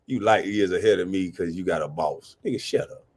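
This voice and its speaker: A man hosting a live reaction stream, talking animatedly, cursing and giving shout-outs to his chat. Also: deep voice, brisk, husky. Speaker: livestream reaction host.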